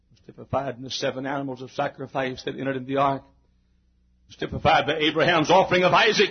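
High-pitched preacher swinging hushed to shouting. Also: male voice, a little fast, breathy edge, muffled recording. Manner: acts out quoted voices with laughs. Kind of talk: sermon.

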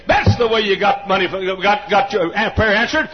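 A man preaching a sermon, repeating his phrases, swinging from shouts down to a low murmur, and often coughing and clearing his throat. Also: normal speed, hardly any pauses. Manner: repetitive, builds to shouting, then drops to a low murmur. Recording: dull lo-fi recording with faint hiss.

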